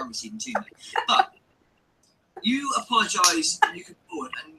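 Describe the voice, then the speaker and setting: A man's voice: very high voice, big pitch swings, moderate pace, creaky, long pauses, recorded from a distance, heavy background noise. A man delivering a heated, sweary, sarcastic ranting monologue in his own video.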